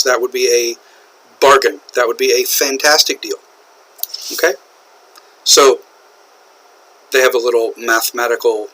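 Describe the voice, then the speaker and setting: A man with an American accent teaching English usage, explaining slowly and repeating key phrases, often checking in with "okay?". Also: medium pitch, sharp tone, low-quality recording. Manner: slow, repetitive explaining with frequent "okay?" checks. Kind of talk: classroom lecture on English usage.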